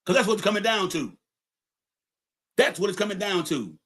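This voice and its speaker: A man's voice: sits high, animated, normal speed, fairly bright tone. A man hosting a podcast livestream, delivering an angry, profane, confrontational rant and repeating his points for emphasis. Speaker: podcast host. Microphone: livestream setup.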